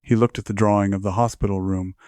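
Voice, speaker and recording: A man narrating a scripted horror story in measured, steady storytelling. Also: on the low side, no echo, studio quality.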